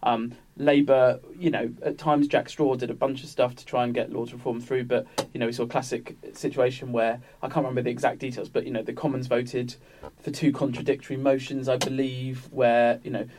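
A man talks quickly in a relaxed panel discussion, piling up asides and restarting his sentences. His pitch sits at an ordinary middle height. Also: slight background noise. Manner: rambling, many fillers and restarts. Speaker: political commentator.

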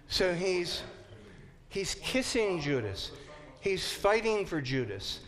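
Animated high-voiced man teaching a class. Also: takes it slowly. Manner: animated, joking, acts out the story. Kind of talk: lively Bible class teaching.

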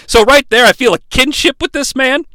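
A man's voice: extremely high pitch, brisk, bright, forceful tone, no room sound. A man hosting a podcast, recapping a wrestling match in a chatty, profane, enthusiastic way. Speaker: podcast host.

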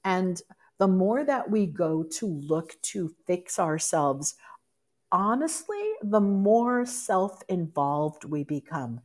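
Low-voiced woman life coach. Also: animated, slow. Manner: earnest, explanatory, self-correcting. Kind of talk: motivational talk.

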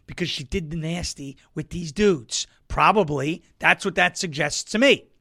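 A man from Long Island, New York, hosting a political talk show with wisecracking, sarcastic commentary and bursts of loud emphasis. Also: on the high side, moderate pace. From Suffolk County, New York, US.

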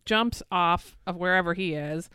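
On a podcast she co-hosts, a woman relates a story in a relaxed, animated way, breaking into laughter and voicing quotes in a high pitch. She speaks at a measured pace with a clean tone, recorded in clean studio sound with no room ambience.

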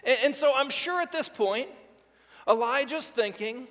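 A man's voice: extremely high pitch, lively intonation, a little slow, fairly bright tone. A man preaching a sermon as a pastor, retelling a scripture story vividly with quoted dialogue. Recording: long reverb of a large hall.

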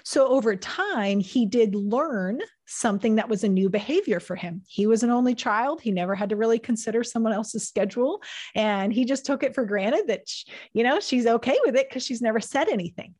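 A woman's voice: on the high side, lively intonation, a little fast, a little mellow. A woman hosting a talk on anxiety, explaining in an earnest, teaching manner and acting out quoted dialogue. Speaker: therapist host.

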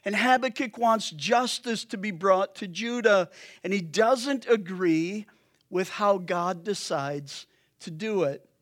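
Slow, high-voiced male pastor. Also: a bit bright. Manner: conversational, joking asides to the congregation. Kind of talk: sermon.

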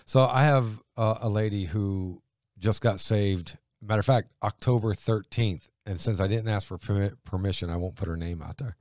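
A man, a pastor, talking through scripture in an earnest conversational way, building to emphatic points and dropping low. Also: normal speed, a little mellow, dry recording, studio quality. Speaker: pastor co-host.

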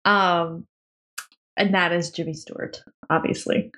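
A woman's voice: lowish voice, little pitch movement, unhurried, pushed and bright. A woman co-hosting a casual film podcast, who talks in a playful, self-mocking way and giggles often. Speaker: podcast co-host.

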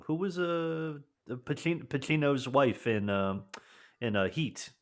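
A man's voice: medium pitch, expressive, a little slow. A man chatting casually over a movie with friends, rambling and laughing as he searches for names. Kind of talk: casual movie commentary chat.

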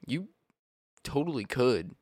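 Animated laughing man on a podcast. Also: mid-range voice, takes it slowly, no echo, clean studio sound. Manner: laughs often, animated storytelling. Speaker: podcast co-host. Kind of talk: casual podcast banter.

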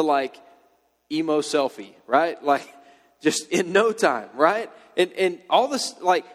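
A young man giving a laid-back, slang-filled sermon as a youth pastor. His voice sits a little high for a man. It rings out with the long reverb of a big hall. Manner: casual, slangy, storytelling.

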